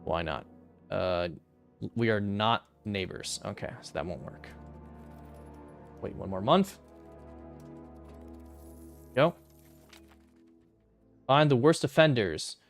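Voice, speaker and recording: A man's voice: on the low side, lively intonation, takes it slowly, creaky, pauses often, faint music behind. A young man streaming a strategy game, casually thinking aloud through his moves and muttering calculations, now and then flaring into exasperated rants. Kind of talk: casual gameplay commentary.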